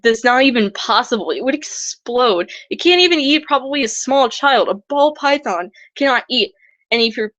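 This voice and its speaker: A young woman with a fairly high voice chats earnestly about animals she loves, tripping over her words and restarting often. The sound is dry and close, a little dull and lo-fi. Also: fairly bright tone, no room sound. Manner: earnest, chatty, mimics other people in high squeaky voices. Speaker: reptile conservation vlogger. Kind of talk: casual educational vlog.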